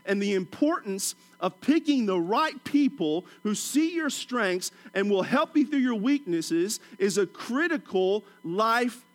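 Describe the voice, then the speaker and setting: A middle-aged male preacher from Washington, D.C., with a notably high-pitched voice. He preaches with chuckling, humorous storytelling and sinks into a hushed, low tone to drive his points home. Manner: drops to a soft, low voice for emphasis. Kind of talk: sermon.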